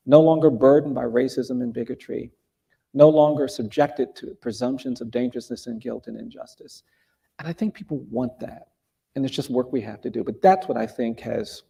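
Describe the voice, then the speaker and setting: A man speaking as a guest at a live event, telling a story in a measured, deliberate way with pauses. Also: medium pitch, creaky, dark tone, slightly rough. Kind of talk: earnest storytelling in a live conversation. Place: event hall before a live audience.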